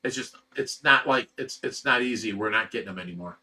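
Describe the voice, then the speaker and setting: A man's voice: mid-range voice, fairly quick, sharp tone. A man hosting a casual livestream, reading out viewer comments and answering them in a loose, blunt way with frequent chuckles. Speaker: fish rescue host reading viewer comments.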